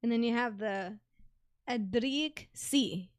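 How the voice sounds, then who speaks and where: Woman podcast co-host, playful chatter, slightly high pitch, dry close mic. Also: slow pace, no echo. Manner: playful, laughs often, tries out foreign accents. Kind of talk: casual chat.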